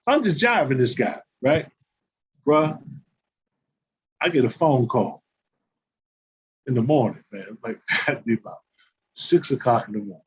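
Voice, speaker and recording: A man's voice: mid-range voice, moderate pace, long pauses. An older man, a podcast guest and former basketball player, telling casual stories and acting out the dialogue with laughter. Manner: animated, acts out quoted dialogue, laughs while telling. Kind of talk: casual anecdote storytelling. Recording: slightly muffled with faint background noise.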